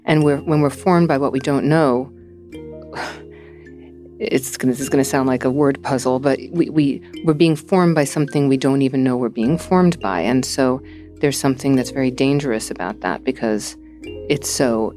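A woman hosting a podcast, narrating the story and talking with her guest in a thoughtful, measured way. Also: very deep voice, a little mellow, soft background music. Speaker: podcast host. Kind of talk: host narration and conversation.

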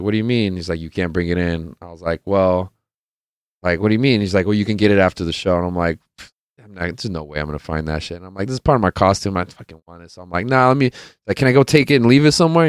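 Smooth-voiced man telling a rambling story. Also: low voice, dry recording, clean studio sound. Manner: rambling, profane, laughs often, acts out quotes. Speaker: podcast host. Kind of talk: casual storytelling monologue.

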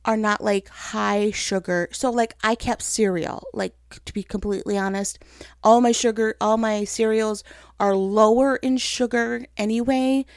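A woman's voice: medium pitch, measured pace, no echo, studio quality. A woman hosting a casual faith-based chat, telling stories with animation and teasing herself as she goes. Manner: animated storytelling, acting out her own thoughts in voices; self-teasing and chatty.

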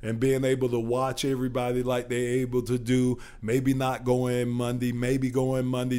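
A man on a sports podcast, speaking as a coach in a casual way. He rambles and circles back over his points. His voice sits at an ordinary middle pitch. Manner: relaxed, rambling, repeats himself. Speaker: football coach guest.

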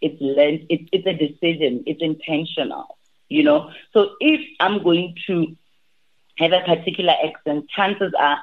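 A woman, a language teacher, giving advice in an interview, animated and often restarting her sentences. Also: low voice, a little slow. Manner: animated, repeats and restarts, acts out quotes. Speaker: language academy teacher, guest. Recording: tinny phone-like line.

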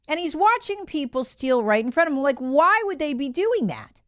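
A woman's voice: high-pitched, very animated, normal speed. A woman hosting a political commentary show, telling the story in a sarcastic, mocking way.

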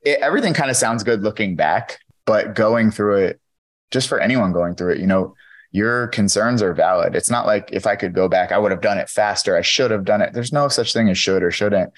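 Earnest low-voiced man telling his story. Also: brisk. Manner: earnest, candid, peppered with "you know". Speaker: podcast guest, keynote speaker. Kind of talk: personal storytelling in an interview.

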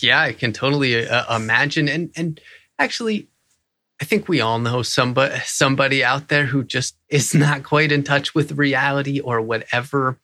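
A male podcast host with a bright, forward voice, asking questions in an easygoing, searching way. He sounds close and dry, with no room around him. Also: medium pitch, moderate pace, no echo. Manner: relaxed, searching phrasing with fillers. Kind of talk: interview questions.

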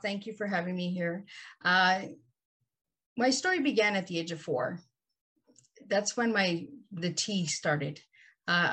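A woman's voice: on the low side, fairly bright tone, slightly rough. A woman guest on a podcast interview, telling her life story in an earnest, heartfelt way. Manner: earnest, heartfelt, slow and deliberate.

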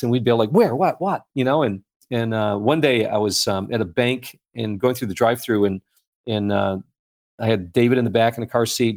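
A man speaking as a guest in a casual faith-based conversation, rambling with many fillers and restarts as he tells stories. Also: on the low side. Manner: acts out voices in anecdotes.

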